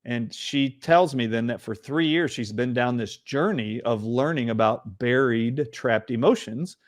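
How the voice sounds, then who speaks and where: A middle-aged male host tells a personal story in an animated, emphatic way. He speaks at an ordinary mid-range pitch and acts out the dialogue as he goes. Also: unhurried, no room sound, studio quality. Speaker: show host. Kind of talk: storytelling in a casual interview.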